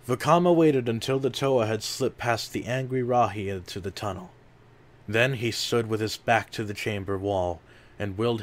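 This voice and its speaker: A man reading an adventure audiobook aloud in slow, measured narration. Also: lowish voice.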